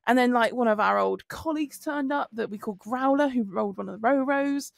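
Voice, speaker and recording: Gravelly woman telling a story. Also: fairly high pitch, brisk, no echo, clean studio sound. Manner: animated storytelling with swearing. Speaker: podcast co-host. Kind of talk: casual chat.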